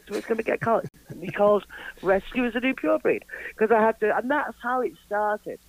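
A man's voice: high voice, fairly quick, vocal fry, dry recording, low-quality recording. A man, an artist, chatting casually in an interview and acting out quoted conversations as he tells stories. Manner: animated storyteller, acts out quotes. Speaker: artist guest.

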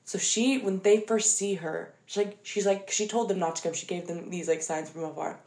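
Young woman telling a story all excited, lots of likes and ums, roomy echo. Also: fairly low pitch, moderate pace. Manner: animated retelling, lots of fillers. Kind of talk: casual chat.

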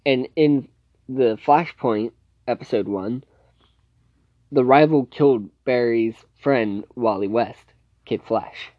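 A TV series reviewer, a man with a mid-range voice, recaps a show's plot slowly and casually, rambling along with plenty of fillers and self-corrections. The audio is dull and has no echo.

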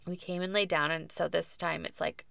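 A woman's voice: lowish voice, level tone, normal speed, vocal fry, a bit bright, no echo. A woman in her thirties, a podcast guest, chatting casually about her birth story with plenty of fillers and laughs.

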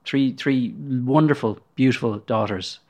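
Co-hosting a casual podcast, a man asks questions hesitantly, often restarting as he searches for words. He speaks a little slowly, with a medium-pitched voice and a darkish tone.

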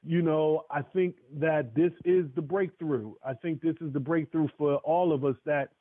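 A man's voice: fairly high pitch, steady tone, moderate pace, no room sound. A man telling a heartfelt story on a call-in broadcast, emotional and preacherly, with many restarts. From North Carolina. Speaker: guest speaker. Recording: tinny phone line, dry.

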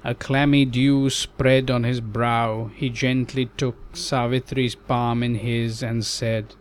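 A man narrating a verse ballad audiobook in a measured, rhythmic reading. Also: medium pitch, flat delivery, slight background noise.

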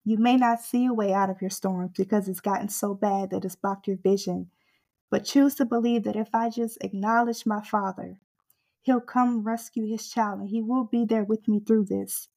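A woman's voice: medium pitch, creaky, dark tone. A woman preaching a sermon with fervent, rhythmic exhortation that builds in intensity through repeated refrains.

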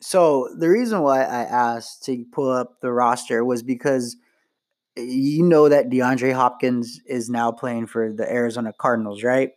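A man's voice: mid-range voice, a little slow, a little mellow. A man hosting a casual chat, giving brief reactions and then steering the talk to his topic.

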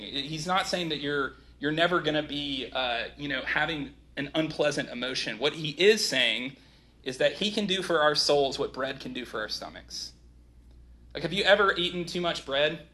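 A pastor in his thirties delivers a sermon in a relaxed, conversational way, full of asides and stories. His voice sits a little high for a man and sounds bright and forward. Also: moderate pace. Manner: conversational, animated storytelling with many "like" asides.

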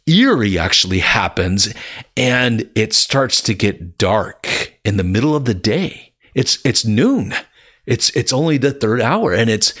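A man's voice: on the low side, fairly bright tone. Man teaching a conversational Bible lesson. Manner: conversational, repeats words, addresses listeners as "you guys". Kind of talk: sermon-style Bible teaching.

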